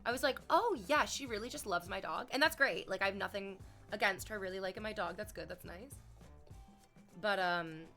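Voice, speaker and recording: Bright-voiced chatty woman streamer. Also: mid-range voice, normal speed, faint music behind. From Canada. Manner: chatty storytelling, playful exaggerated quoted voices. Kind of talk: casual chat to stream viewers.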